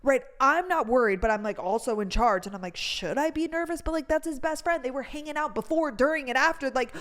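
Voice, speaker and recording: A young woman hosting a podcast, telling a story in a chatty, animated way and saying "like" a lot. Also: high-pitched, fast. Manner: chatty, heavy on "like," animated retelling. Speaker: podcast host. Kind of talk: casual storytime chat.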